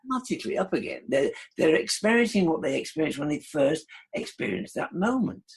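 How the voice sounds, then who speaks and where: Raspy British man, animated. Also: on the high side, fairly quick. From United Kingdom. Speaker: guest. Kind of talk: casual interview.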